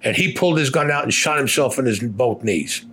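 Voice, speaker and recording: A man bluntly recounting a war story in rough, profane, casual speech. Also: medium pitch, expressive, brisk, fairly bright tone. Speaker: veteran storyteller.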